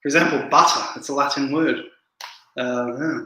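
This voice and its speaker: A man's voice: mid-range voice, steady tone, normal speed, bright, forceful tone. A man hosting a casual livestream, rambling and repeating words as he answers viewer comments. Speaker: livestream host reading chat. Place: indoor room, home livestream. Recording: very echoey room.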